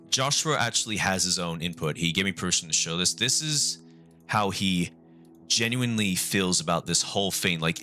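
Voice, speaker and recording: Remorseful young man streaming, bright-toned. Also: low voice. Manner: halting, remorseful, repeats and restarts; swears often. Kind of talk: casual live-stream talk.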